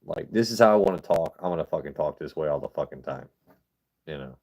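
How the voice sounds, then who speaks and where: A man with a very low voice hosts a casual livestream. He rambles loosely from one thing to the next and swears freely as he talks to viewers in chat. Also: lively intonation, fast talker, a little mellow. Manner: rambling, profane, chatting with viewers. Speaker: livestream host.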